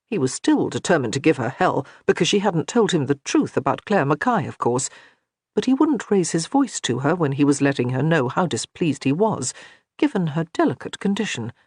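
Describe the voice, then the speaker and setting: A narrator reading a historical romance audiobook in a steady, measured way. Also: mid-range voice, breathy edge, no echo, studio quality. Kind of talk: scripted narration.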